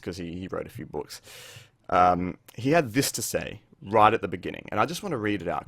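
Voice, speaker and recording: A young man speaks his mind to the camera in a casual opinion vlog, blunt and candid with plenty of swearing. His voice sits fairly low, broken up by ums and restarts. The sound is dry and close, with no room around it. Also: dry recording. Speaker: YouTuber addressing another creator.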